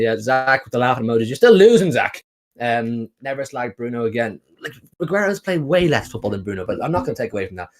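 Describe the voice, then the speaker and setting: A man hosting a live football watch-along, reacting to the match and reading chat messages aloud. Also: mid-range voice.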